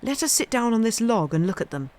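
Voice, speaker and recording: A woman's voice: fairly high pitch, big pitch swings, quick pace, darkish tone, voice pushed up. A woman reading a storybook aloud, voicing a shy young girl who speaks a little stiffly in a raised voice.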